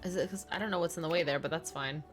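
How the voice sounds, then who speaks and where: A woman's voice: sits low, very fast, faint music behind. A young adult woman streaming a life-sim game, chatting casually and talking straight to her viewers. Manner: chatty, talks straight to the chat and answers viewers by name.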